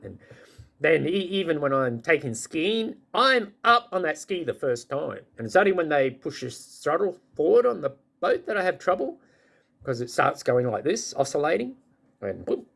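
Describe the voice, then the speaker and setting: A man in his fifties or older, talking to the camera in a rambling, casual monologue and chuckling as he goes. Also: gravelly. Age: 50s or older. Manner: rambling, chuckling, pitch jumping up when excited. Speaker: vlogger.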